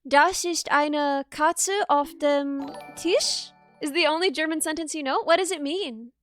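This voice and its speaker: A woman with a very high, sharply bright voice chats on a livestream, giggling and bubbly, poking fun at herself. The sound is close and dry, with no room around it. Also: measured pace, no room sound, faint music behind. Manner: giggly, bubbly, self-deprecating. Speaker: streamer. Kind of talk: casual livestream chat.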